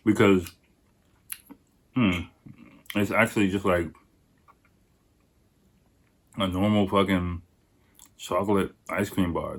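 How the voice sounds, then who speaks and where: A man's voice: low-pitched, husky. A man hosting a casual podcast, chatting in a rambling, profane way while tasting food. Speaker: podcast host.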